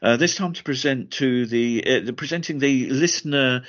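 A man's voice: medium pitch, normal speed, fairly bright tone, muffled recording. A man co-hosting a casual podcast, introducing topics with frequent ums and uhs. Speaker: podcast co-host.

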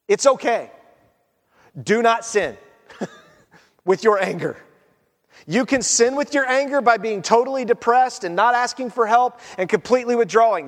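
A male pastor preaches with a strikingly high voice, lively and animated, slipping into voices for the quotes. His words ring out with the long reverb of a large church hall. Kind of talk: sermon.

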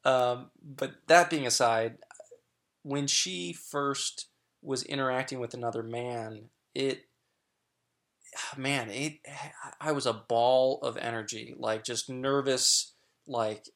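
A man's voice: medium pitch, steady tone, takes it slowly, fairly bright tone. A middle-aged man sharing candid personal stories as a guest, frank and chatty with lots of fillers and restarts.

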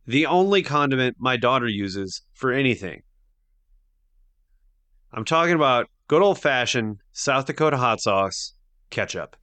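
Man, podcast co-host at home, animated pitch, dry close sound, wry delivery. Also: unhurried, pauses often, no echo. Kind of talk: casual chat.

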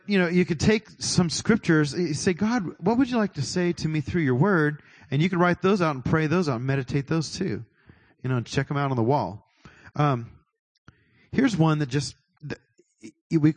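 A man giving a relaxed church talk on prayer at a middle pitch. He talks in a chatty way, laughs a lot and often stops to restart his sentences. The sound is dry and close. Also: no echo. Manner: chatty, laughing, self-interrupting. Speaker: worship leader. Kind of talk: casual church teaching on prayer. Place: church worship service.

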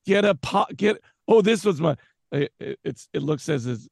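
A man's voice: on the high side, expressive, normal speed, vocal fry, a little mellow, no room sound, studio quality. A man co-hosting a podcast, chatting casually in a playful, jokey way and laughing often. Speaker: podcast co-host. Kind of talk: casual chat.

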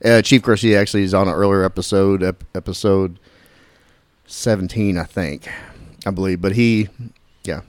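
A man's voice: deep voice, fairly even intonation, normal speed, no room sound. A man hosting a podcast, joking and laughing with his guests, often restarting his sentences. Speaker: podcast host. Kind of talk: casual podcast chat.

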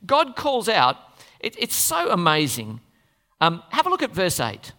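Animated preacher in an echoing hall. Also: mid-range voice, a little slow. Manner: expressive, acts out the scripture characters. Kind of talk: sermon. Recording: long reverb of a large hall.

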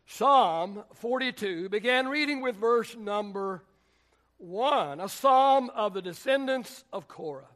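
A male pastor preaching a sermon in a church, reading scripture and praying in a deliberate, emphatic way that swells at times into shouts. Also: high voice, animated. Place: church sanctuary.

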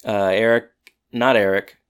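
A man's voice: on the low side, steady tone, a little slow, clear, resonant tone. A man in casual conversation, retelling a TV episode scene by scene and acting out the characters' lines. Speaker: podcast co-host recapping a TV episode. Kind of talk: casual chat.

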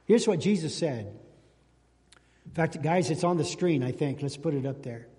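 Pastor guy preaching hard, kinda high voice but mellow, big echoey church hall. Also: moderate pace. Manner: fervent preaching with rising emphasis and repeated phrases. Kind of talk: sermon. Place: church sanctuary.

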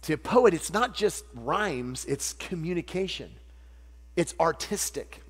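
A man preaching a sermon, animated and jokey, acting out little voices as he teaches. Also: fairly high pitch, measured pace. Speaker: pastor. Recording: long hall reverb with mains hum.

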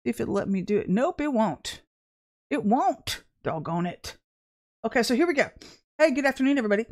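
A woman giving an informal prophetic message to her viewers, talking in an animated, emphatic way with sudden exclamations. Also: a little high, fairly quick. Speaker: self-described prophetess.

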